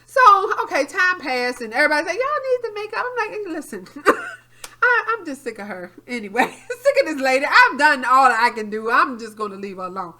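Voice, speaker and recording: A woman co-hosting a podcast, telling a story in casual chat and acting out quotes loudly, with frequent laughs and swearing. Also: high-pitched, a little fast. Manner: animated, acts out quotes loudly. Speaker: podcast co-host.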